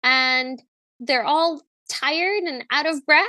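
A woman's voice: high voice, slow, bright, forceful tone, dry recording. A woman co-hosting a podcast, recapping a movie in a chatty, wry way. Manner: chatty, wry, slips into voices. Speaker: podcast co-host. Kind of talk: casual chat recapping a movie.

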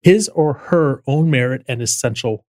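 A man's voice: mid-range voice, normal speed, darkish tone, dry recording. Guy talking politics on a podcast, earnest, dry close sound. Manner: earnest, explains step by step with restarts. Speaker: podcast host. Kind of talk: casual political discussion.

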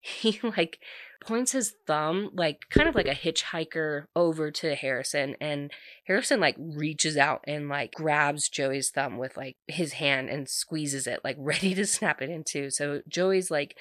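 Chatty woman recapping a story, lower voice, dry close sound, casual. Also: unhurried, fairly bright tone, no room sound. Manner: chatty, peppered with "like", laughing asides.

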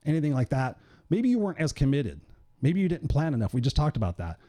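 A man's voice: on the high side, big pitch swings, quick pace, dark tone. A middle-aged man, a podcast host and coach, giving a blunt, profane motivational monologue in a direct, tell-it-like-it-is way.

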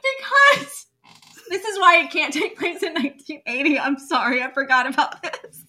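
Woman podcast co-host, bright tone, excitable and rambling. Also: high voice, normal speed. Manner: excited, laughing, rambling with restarts. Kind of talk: casual chat, recapping a book.

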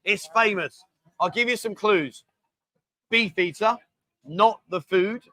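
A man's voice: sits high, slow pace, bright, forceful tone, no room sound, rough recording. A man hosting a casual live show in a bar, joking, coaxing guests into quizzes and drinking games, calling them darling. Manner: jokey, bossy, coaxing, calls people darling. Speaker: host.

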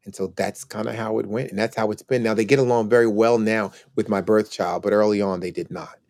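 Man, 60s, retired cop on a podcast, low voice, dry close sound, reflective storyteller. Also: fairly even intonation, a little fast, darkish tone, no echo. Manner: reflective, acts out quoted family members. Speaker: podcast guest, retired police officer. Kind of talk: storytelling interview talk.

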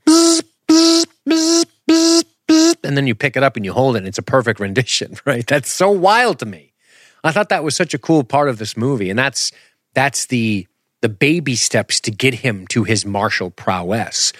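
A man hosting a podcast, talking in an animated, rambling, self-deprecating way and throwing in sound effects. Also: mid-range voice, moderate pace, no echo, clean studio sound. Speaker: podcast host. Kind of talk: casual podcast commentary.

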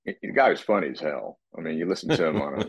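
A man co-hosting a casual podcast, explaining training in a relaxed, rambling way with many restarts. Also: a bass voice, fast talker, vocal fry, slightly rough, dry recording, highs cut off. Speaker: co-host, fitness expert.

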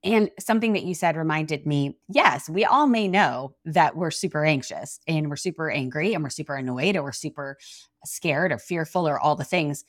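A woman in her forties co-hosting a faith podcast, chatty and lively, acting out little quoted dialogues as she talks. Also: low voice, normal speed, no room sound, clean studio sound. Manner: chatty, acts out quoted dialogue, many likes. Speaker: co-host. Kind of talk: faith-based podcast chat.

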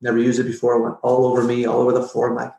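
A middle-aged man telling a personal story as a podcast guest, animated and jokey, acting out his own past reactions. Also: medium pitch, rapid-fire, gravelly. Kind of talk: casual storytelling interview. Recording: roomy echo.

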